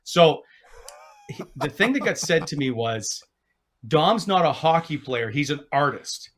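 A man's voice: on the high side, a little slow, slight background noise. A man hosting a casual sports podcast, telling stories and acting out quotes. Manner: storytelling, animated with quoted voices. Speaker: podcast host.

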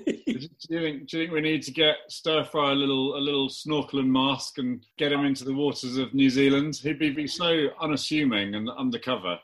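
A man's voice: medium pitch, fairly even intonation, fairly quick, fairly bright tone, low-quality recording. Playful male podcast host. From Britain. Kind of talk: casual podcast chat.

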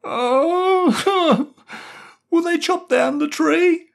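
A stubborn little boy with a high, pleading voice and big swings in pitch, as a man puts him on. He wails and insists, like a child in a storybook read aloud. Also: very animated, measured pace. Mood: upset. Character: young boy, tearful and stubborn.

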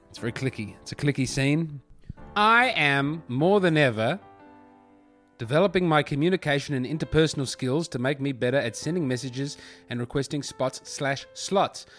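A man hosting a comedy podcast, reading a listener's letter aloud and breaking off with wry asides. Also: medium pitch. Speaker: podcast host.

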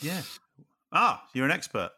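Bright-toned man with wry jokes. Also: a little high, very animated, a little slow, husky. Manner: wry, joking. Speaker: podcast co-host. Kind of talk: casual podcast chat.

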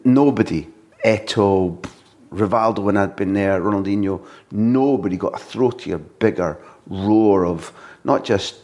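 A middle-aged Scottish man with a slightly low voice hosts a relaxed sports interview. He tells anecdotes energetically, dropping into quoted voices as he goes. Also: moderate pace. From Scotland. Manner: lively storyteller with quoted asides. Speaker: interviewer and football journalist. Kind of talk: casual interview chat.

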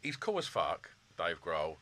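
A man's voice: sits low, wildly swooping pitch, measured pace, pushed and bright. A man in casual chat, enthusing emphatically and swearing freely.

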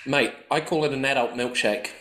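A man tells casual anecdotes as a podcast co-host, acting out the voices of people in his stories. His voice sits at a middle pitch and rings out in an echoey room. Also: brisk. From New Zealand. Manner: animated, acts out voices in anecdotes. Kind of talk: casual storytelling chat.

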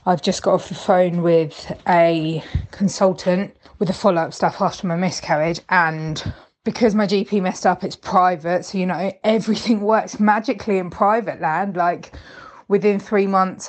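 A woman's voice: mid-range voice, moderate pace. A woman leaving a heartfelt, rambling voice message to a podcast, tender and emotional. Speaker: listener sending a voice message.

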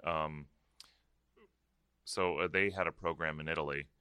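A young man chatting casually as an interview guest, relaxed and hesitant, with many fillers. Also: very deep voice, unhurried, clear, resonant tone. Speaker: interview guest, opera singer. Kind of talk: casual conversation.

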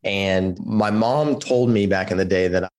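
A man in his forties from California, telling his personal story as a podcast guest in an animated way, acting out quotes and using lots of fillers. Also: sits low, measured pace. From California, USA. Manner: animated storyteller who acts out quotes, many "like" and "you know" fillers.

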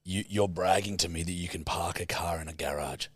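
A man's voice: deep voice, a little fast, slightly rough, no echo, clean studio sound. An Australian man co-hosting a podcast, teasing and swearing freely in casual banter. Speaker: podcast co-host.

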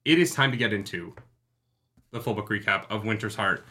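A man's voice: on the low side, fairly quick, sharp tone, a little hiss or hum. A man co-hosting a casual book discussion stream, rambling and joking with many fillers and restarts. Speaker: podcast co-host.

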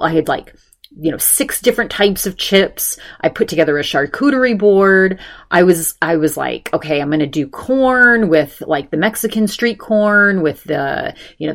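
A middle-aged woman hosting a podcast, telling a story casually, with lots of fillers and lively acted-out quotes. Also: fairly low pitch. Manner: chatty, animated quoting voices, many fillers. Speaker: podcast host.

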